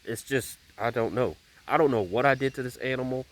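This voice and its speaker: A man's voice: mid-range voice, brisk. A man telling a story in a casual vlog from a small bridge outdoors, rambling and emphatic, repeating himself often. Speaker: vlogger.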